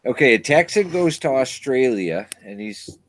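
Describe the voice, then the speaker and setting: A man on a casual chat show, telling a joke as a slow and expressive storyteller. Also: medium pitch, slight background noise. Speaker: guest.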